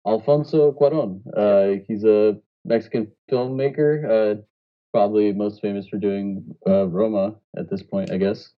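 A man co-hosting a podcast in relaxed banter, laughing often. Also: on the low side, measured pace. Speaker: podcast co-host. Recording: slightly dull lo-fi mic.

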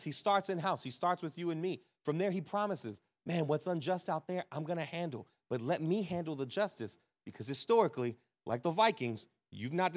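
Casual, lively man preaching a sermon. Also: medium pitch. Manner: casual, conversational preaching with slang and laughter. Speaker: pastor. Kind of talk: sermon with storytelling.

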